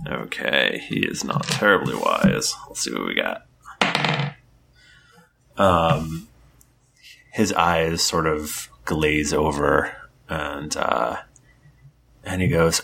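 A man's voice: extremely low pitch, expressive, takes it slowly, creaky, pauses often, bright, forceful tone. A man running a tabletop game as game master, talking hesitantly with many fillers.

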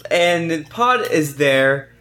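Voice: mid-range voice, expressive, very slow, fairly bright tone. A podcast co-host chatting casually, rambling with hesitations as the story is retold. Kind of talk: casual recap chat.

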